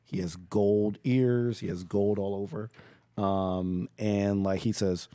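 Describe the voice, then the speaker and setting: A man's voice: lowish voice, steady tone, takes it slowly, mellow, dry recording. A man narrating as dungeon master in a tabletop game, talking with many fillers and restarts.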